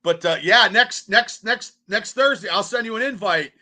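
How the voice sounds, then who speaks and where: A man hosting a sports podcast, easygoing and quick to agree in casual chat. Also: high-pitched, bright, forceful tone. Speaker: podcast host.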